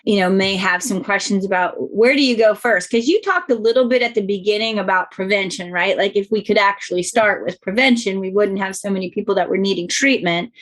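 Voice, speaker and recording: A woman's voice: mid-range voice, a little fast, few pauses, rough recording. Affirming woman podcast host. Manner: affirming, asks long questions. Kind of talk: conversational interview.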